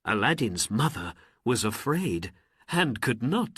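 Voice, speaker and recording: Very slow, expressive male storyteller. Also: lowish voice, breathy edge, dry recording, studio quality. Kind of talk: slow scripted storybook narration for learners.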